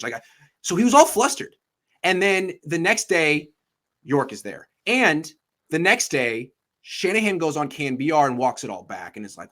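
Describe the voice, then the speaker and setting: Male sports host, casual and animated, swooping, bright voice. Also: fairly high pitch, fairly quick. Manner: animated, acts out quotes in voices. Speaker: podcast host.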